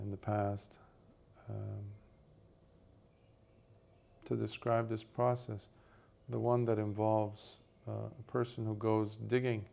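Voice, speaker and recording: A man who is a Buddhist monk, giving a dharma talk and telling a parable, in an unhurried way with many fillers. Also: lowish voice, creaky, mellow.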